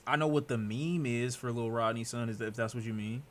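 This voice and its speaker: A young man from Detroit streaming, talking to his chat in reaction commentary, excitable and profane, dropping to mutters and bursting out loud. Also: mid-range voice, fairly quick, a little hiss or hum. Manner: excitable, swearing, jumps from mutters to loud outbursts.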